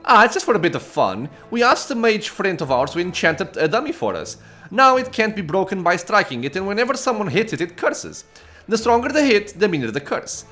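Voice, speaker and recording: A man's voice: high-pitched, very animated, a little fast, fairly bright tone, soft background music. A man voicing a boastful, smug male soldier who loves a fistfight, in a video game. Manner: bragging, smug. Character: boastful blond male soldier, cocky brawler.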